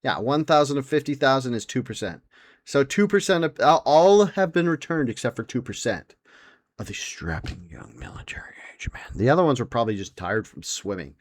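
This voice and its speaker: A man's voice: fairly quick, no echo. Swearing mid-40s man ranting on a podcast. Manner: swearing, rambling, mock-outraged, with sudden jumps to a high excited voice. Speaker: podcast host. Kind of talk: solo comedic podcast rant.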